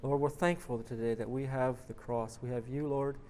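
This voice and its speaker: A man's voice: mid-range voice, fairly even intonation, moderate pace, darkish tone, slight background noise. Emphatic preacher man. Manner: emphatic, rising on rhetorical questions. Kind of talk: sermon story reading and prayer.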